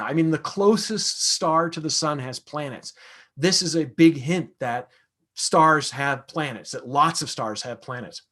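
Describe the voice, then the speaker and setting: A man's voice: medium pitch, bright, forceful tone. A man, an astronomer, answering audience questions in a casual, conversational lecture with frequent fillers and restarts.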